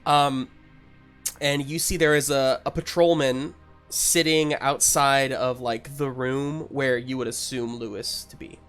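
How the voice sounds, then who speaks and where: A man's voice: medium pitch, steady tone, a little slow, fairly bright tone, clear, resonant tone, soft background music. A man narrating as game master in a tabletop game, in a loose, filler-heavy way.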